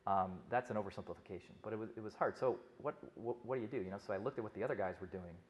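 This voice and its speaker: A man's voice: on the low side, rapid-fire. A middle-aged male physician giving a conference talk, telling stories conversationally with frequent restarts.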